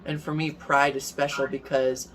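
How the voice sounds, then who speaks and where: A man performing spoken word poetry in a measured, rhythmic way. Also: medium pitch, little pitch movement, a bit bright, slight background noise. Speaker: guest poet.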